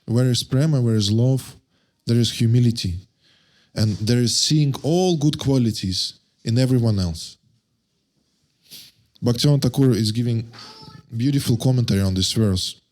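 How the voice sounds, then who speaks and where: A man giving a devotional lecture, speaking haltingly, searching for words and restarting often. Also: mid-range voice, a little mellow. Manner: chants verses slowly in a raised voice.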